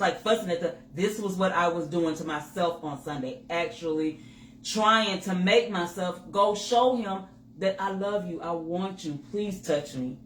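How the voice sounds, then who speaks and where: A woman co-hosting a candid couple's chat with her husband, telling personal stories with lively acted-out inner dialogue. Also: lowish voice. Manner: animated storytelling, acts out her own inner voice. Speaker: co-host. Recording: roomy with faint noise.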